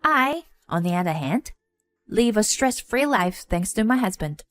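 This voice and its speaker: A woman reading a scripted first-person story in a steady storytelling voice. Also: medium pitch, measured pace, no echo, faint music behind. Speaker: narrator.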